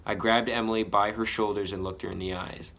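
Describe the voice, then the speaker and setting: A man's voice: fairly low pitch, level tone, fairly quick, creaky, fairly bright tone. A man reading his own story aloud, breaking off for self-mocking, casually profane commentary.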